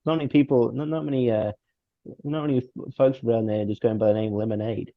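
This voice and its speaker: A man's voice: mid-range voice, fairly even intonation, fast talker, no echo. A man co-hosting a casual film review podcast, rambling with lots of restarts and chuckles. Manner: rambling with many restarts and laughs. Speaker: podcast co-host. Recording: dull dry lo-fi sound.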